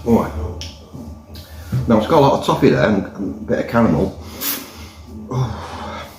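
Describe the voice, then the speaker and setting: A man's voice: fairly low pitch, very animated, normal speed, darkish tone. A man reviewing a pint in a pub, chatting in a rambling, jokey way. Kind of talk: casual review with a joke. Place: indoors in a pub by the fire. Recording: roomy pub echo.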